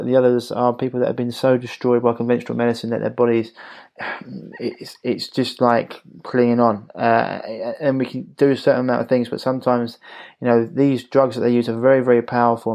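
A man's voice: medium pitch, little pitch movement, a little fast, gravelly, darkish tone. A man hosting a podcast as a health coach, explaining in long rambling runs with many restarts. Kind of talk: podcast conversation.

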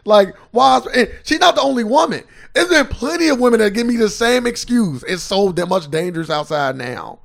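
A man co-hosting a casual podcast, ranting and swearing freely, his voice jumping up high and loud when he gets heated. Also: very animated, fairly quick, vocal fry, few pauses. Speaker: podcast co-host.

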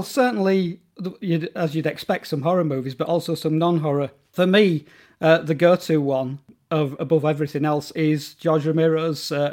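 Appearing as a guest in a casual interview about horror films, a man with a voice on the high side talks enthusiastically and rambles, with plenty of fillers and restarts.

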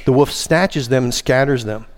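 A man preaching in a church, stressing key words and leading the congregation in reciting together. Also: normal speed. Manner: emphatic, rising in pitch on key words; leads the congregation in call-and-response. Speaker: pastor. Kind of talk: sermon. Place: church sanctuary.

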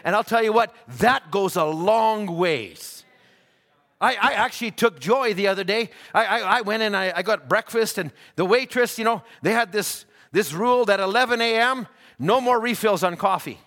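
A man with a high, bright, ringing voice preaches in a church, trading folksy anecdotes for fervent calls to his congregation. A long reverb hangs on every phrase. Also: normal speed. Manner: folksy storytelling, rising to fervent exhortation. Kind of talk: sermon. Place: church sanctuary.

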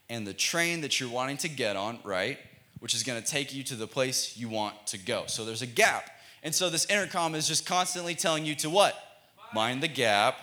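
A young man, a student pastor, preaching a playful, energetic youth sermon in a church and calling for audience responses. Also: mid-range voice. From United States.

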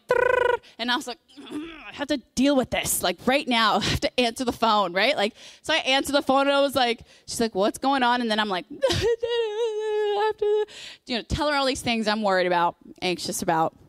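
A woman's voice: fairly high pitch, fast talker, few pauses, fairly bright tone, smooth, dry recording, clean studio sound. A woman in her thirties preaching a sermon in a conversational way, telling personal stories with lots of fillers.

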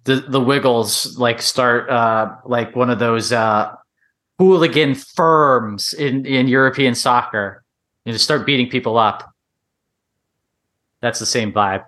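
A man's voice: mid-range voice, slow pace, fairly bright tone. A man, a podcast co-host, joking and chiming in during casual hockey chat. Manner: jokey, interjecting.

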